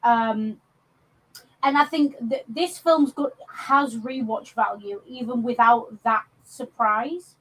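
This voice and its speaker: A woman's voice: on the high side, slow, rough recording. A woman from England co-hosting a podcast, chatting casually about films with lots of ums and restarts. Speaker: podcast co-host. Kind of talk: casual film discussion.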